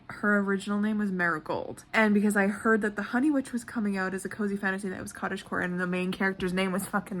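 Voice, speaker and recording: A Canadian woman, an author and book vlogger, talking in a chatty, animated way and swearing casually. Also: mid-range voice. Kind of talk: casual vlog talk.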